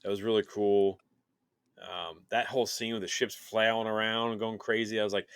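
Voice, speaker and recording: A man co-hosting a show, chatting in an excited, rambling way with plenty of fillers. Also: on the low side, moderate pace, clear, resonant tone, no room sound, clean studio sound. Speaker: podcast co-host. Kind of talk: casual chat.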